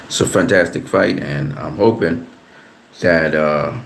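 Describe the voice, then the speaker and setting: A man's voice: a bass voice, measured pace, vocal fry, reverberant, a little hiss or hum. A man, giving a casual, rambling boxing analysis as the host of his own channel. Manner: relaxed, rambling, repeats words. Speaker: boxing commentator.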